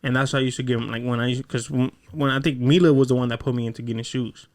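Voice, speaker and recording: Young male podcast co-host, mid-pitched, loose storyteller who swears freely. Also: steady tone, rapid-fire, a little mellow. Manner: laid-back, swears freely, acts out quotes. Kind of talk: casual chat, storytelling.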